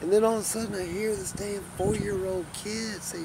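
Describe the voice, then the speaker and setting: A man rambling in a casual vlog, swearing freely and saying "you know" constantly, and getting loud and heated when he tells a story. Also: high-pitched, steady tone, brisk, very noisy. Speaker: vlogger. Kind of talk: rambling casual monologue to camera.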